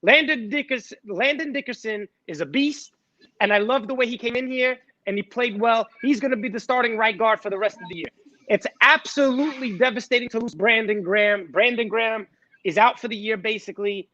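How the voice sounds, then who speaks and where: A man's voice: high voice, brisk, bright, forceful tone, no room sound, lo-fi sound. A man co-hosting a sports podcast, blunt and dismissive, swearing as he sizes up players. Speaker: podcast co-host. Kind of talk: casual sports chat.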